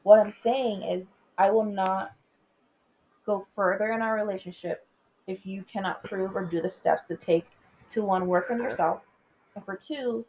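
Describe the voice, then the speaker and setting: A woman's voice: mid-range voice, fairly even intonation, measured pace, a little mellow, slight background noise, poor audio. A young woman co-hosting a casual chat podcast, rambling through a personal story with lots of filler words. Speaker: podcast co-host.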